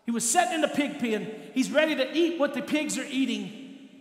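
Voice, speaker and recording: A man preaching a sermon as pastor, swinging from soft, low murmurs to shouted exhortation. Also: animated, moderate pace. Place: church sanctuary. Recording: echoey hall, long reverb.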